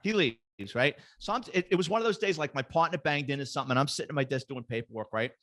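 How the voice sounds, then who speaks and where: A man's voice: on the high side, very fast, no room sound. Middle-aged man telling profane stories. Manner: profane, lively anecdotal storyteller. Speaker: guest, retired police detective. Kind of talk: casual storytelling chat.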